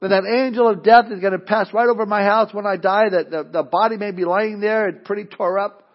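High-voiced pastor preaching with animation. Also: male voice, a little fast. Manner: animated, acts out quoted voices, repeats words when starting. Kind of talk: sermon. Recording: dull lo-fi sound.

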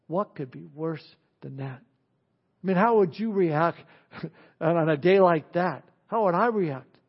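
A man preaching a sermon, telling a scripture story with lively asides. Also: high voice. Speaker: pastor. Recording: dull lo-fi sermon audio.

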